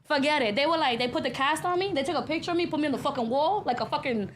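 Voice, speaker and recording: Woman podcast co-host, high and quick, loud profane storyteller, faint background hum. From Hispanic family in Florida. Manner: animated, profane, laughing storyteller. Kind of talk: casual chat, storytelling.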